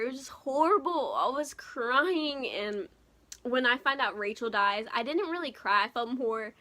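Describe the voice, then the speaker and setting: A woman's voice: on the high side, bright, forceful tone. A young woman casually reviewing a novel, talking emotionally with lots of fillers and exclamations. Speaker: book reviewer. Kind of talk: casual book review vlog.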